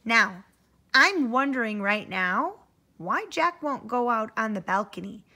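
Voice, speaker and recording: Animated woman reading aloud to kids. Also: a little high, measured pace. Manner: animated, asks listeners questions. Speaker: teacher. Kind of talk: children's read-aloud.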